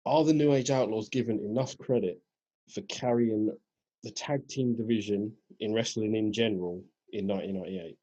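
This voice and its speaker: A man co-hosting a podcast, recapping events in a laid-back, casual way with a husky voice. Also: on the low side, normal speed, dark tone. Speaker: podcast co-host. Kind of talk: casual chat. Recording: dull lo-fi podcast audio.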